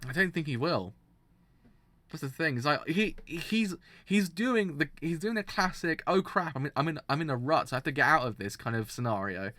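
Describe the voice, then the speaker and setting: A man ranting in an animated, exasperated way about a story's villain on a live reaction stream, often restarting his sentences. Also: on the high side, moderate pace, dry recording.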